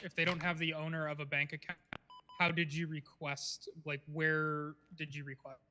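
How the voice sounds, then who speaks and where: Joking man with a bright voice. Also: a little high, normal speed. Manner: relaxed, joking, loose with fillers. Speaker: roleplay player. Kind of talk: casual roleplay chat.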